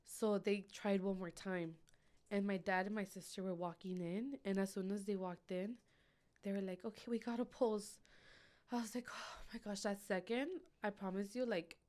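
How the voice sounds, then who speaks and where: A woman's voice: mid-range voice, fairly even intonation, normal speed, darkish tone. Woman guest, mid-range voice, emotional personal storytelling, casual fillers. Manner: emotional, filler-heavy retelling. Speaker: podcast guest.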